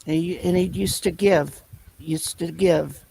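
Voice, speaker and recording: A man telling a long personal story in casual chat, rambling and halting as he loops back over his points. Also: a little high, steady tone, creaky, mellow, breathy edge, poor audio. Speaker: storyteller in a conversation.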